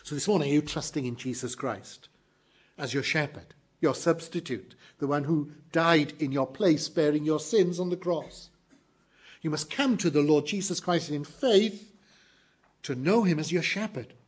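A man preaching a morning sermon to his congregation, earnest and emphatic, slowing down to stress key phrases. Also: on the high side, husky. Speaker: pastor.

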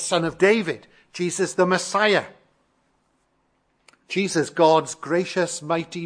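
Fervent man preaching with rising emphasis. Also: fairly high pitch. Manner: fervent, emphatic, swells louder on key phrases; repeats and builds phrases in a measured cadence. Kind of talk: sermon.

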